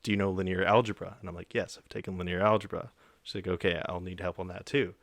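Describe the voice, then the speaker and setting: Young man, low voice, dry close mic, casual animated storytelling. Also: fast, no echo. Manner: animated retelling with quoted voices, swears mildly. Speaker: podcast co-host.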